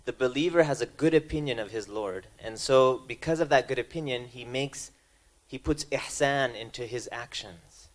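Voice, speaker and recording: A man's voice: mid-range voice, brisk. A man giving a spiritual lecture, speaking conversationally and telling stories, often restarting his phrases. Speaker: speaker at a religious talk.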